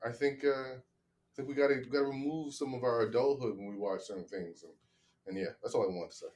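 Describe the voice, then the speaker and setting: A comedian making a rambling, casual case on a podcast, often asking "you know what I mean?". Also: male voice, mid-range voice, steady tone, fast, a little mellow, slight background noise. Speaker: comedian defending a film.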